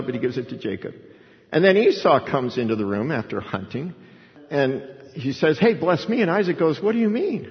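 Older man teaching the bible, echoey hall. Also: medium pitch. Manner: animated storyteller, acts out voices. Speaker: pastor. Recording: dull recording in a long-reverb hall.

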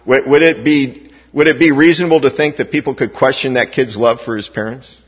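A man's voice: medium pitch, fast talker, hardly any pauses, breathy edge. A man preaching a sermon as pastor, with emphatic rising stresses and frequent restarts. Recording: dull, echoey hall recording.

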